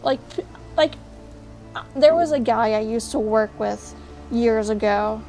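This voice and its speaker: A woman's voice: a little high, unhurried, a little mellow, faint music behind. A young woman streaming, chatting casually and ranting bluntly with jokes to her chat. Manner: blunt, joking rants to chat.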